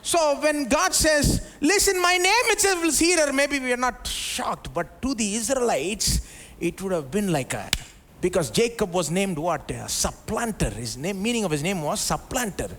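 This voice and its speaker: A man's voice: high voice, lively intonation, moderate pace, fairly bright tone, a little hiss or hum. A male pastor, giving a live sermon in a conversational way, full of rhetorical questions and asides to the congregation. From India. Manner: conversational preaching, many rhetorical questions and "you know". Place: church service before a congregation.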